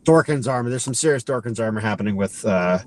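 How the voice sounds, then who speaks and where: A medium-pitched man with lively intonation and a slightly mellow tone co-hosts a podcast, with no room sound. He casually recaps a movie, rambling, acting out lines and slipping in quick asides.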